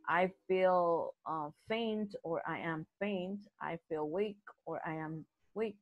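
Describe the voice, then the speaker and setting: Woman teaching a slow English grammar lesson. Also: fairly low pitch, no echo, lo-fi sound. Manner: slow, repetitive explaining with frequent restarts. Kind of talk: live online grammar lesson.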